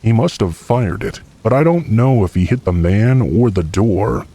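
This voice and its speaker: A man narrating a first-person horror story in a calm, steady storytelling manner. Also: on the low side, a little slow, slightly rough.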